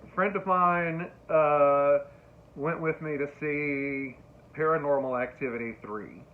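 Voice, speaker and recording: A man giving a casual lecture on film, telling stories and acting out lines with sudden loud bursts. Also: fairly high pitch, takes it slowly. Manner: animated storyteller, acts out quotes with sudden loud squeals. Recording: tinny phone-like sound.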